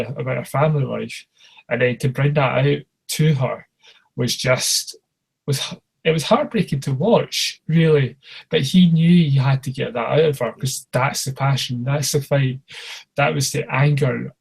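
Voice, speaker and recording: A British man in his thirties co-hosting a podcast, chatting in an enthusiastic, halting way. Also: medium pitch, gravelly, slightly rough, rough recording. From United Kingdom. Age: 30s. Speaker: podcast co-host. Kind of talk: casual podcast chat.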